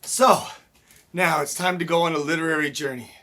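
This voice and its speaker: A man's voice: a little high, steady tone, fairly quick, pushed and bright, a little hiss or hum. A man hosting a children's library storytime, playful and upbeat, leading sing-along songs and reading a picture book aloud. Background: his own acoustic guitar.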